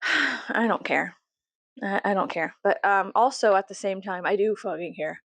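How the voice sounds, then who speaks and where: A woman's voice: medium pitch, animated, moderate pace, fairly bright tone, no room sound. A young woman from Texas rambling casually and profanely to camera as a vlogger, jokey and chatty.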